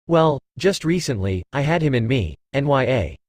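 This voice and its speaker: A teasing, purring female cat-demon from a storybook reading, lively in her lilt as a man reads her lines. She speaks in a dry, close sound. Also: medium pitch, moderate pace, no echo. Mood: playful.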